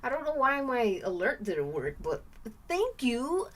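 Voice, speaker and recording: A young woman streaming live, chatting casually and rambling with lots of fillers, now and then bursting into excited squeals. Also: mid-range voice, moderate pace.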